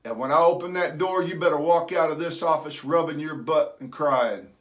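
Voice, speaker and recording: Stern older coach, gruff, commanding, a man putting him on, slightly high voice. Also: normal speed, fairly bright tone, natural voice.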